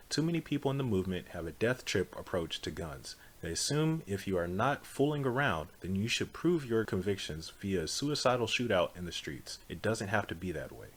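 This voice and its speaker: A man reading a political text aloud in a measured, earnest, declarative way. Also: lowish voice, husky. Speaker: audiobook reader.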